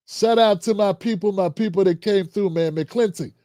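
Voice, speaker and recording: A man's voice: high-pitched, normal speed, mellow, dry recording, clean studio sound. A man hosting a livestream show, reading out viewer comments and signing off in a loose, slangy, chatty way. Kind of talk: casual sign-off and comment shout-outs.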